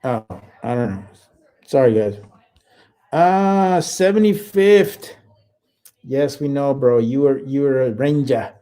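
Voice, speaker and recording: Middle-aged guy rambling army stories, cussing constantly, calls everyone bro, relaxed dark voice. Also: mid-range voice, takes it slowly, pauses often. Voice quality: heavy swearing, rambling with restarts. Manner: laid-back, talks to viewers as "bro". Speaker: livestream host reading viewer chat. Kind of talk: casual chat with war stories.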